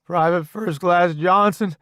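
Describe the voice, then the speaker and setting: A man voicing a desperate young soldier who shouts in anguish. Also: sits high, a little slow, no room sound, clean studio sound, voice pushed up. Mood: anguished shouting.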